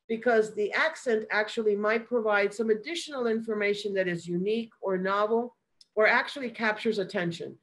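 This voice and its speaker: A woman giving a measured, explanatory academic lecture as a guest lecturer. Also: medium pitch, rough recording. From United States.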